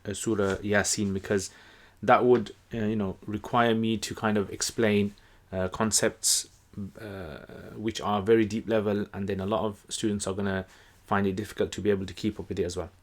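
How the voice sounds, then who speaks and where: A man giving a casual explanatory lesson, conversational and relaxed, with many fillers and restarts. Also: lowish voice, normal speed, few pauses. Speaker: Quran teacher.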